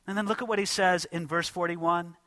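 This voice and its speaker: A man's voice: high-pitched, steady tone, brisk, bright, forceful tone, dry recording. A man preaching an expository sermon, emphatic and addressing his listeners directly. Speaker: pastor.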